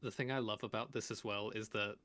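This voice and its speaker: A man with a low but bright, forward voice analyzes a TV episode. He talks in a measured, thoughtful way. He builds his points step by step. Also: fairly even intonation. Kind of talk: casual analytical chat.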